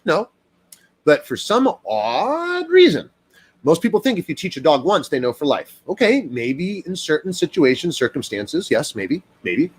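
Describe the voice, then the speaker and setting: A man, a dog trainer, talking casually in a rambling monologue full of fillers and acted-out quotes. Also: slightly rough. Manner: rambling, lots of fillers, acts out quoted people in higher voice.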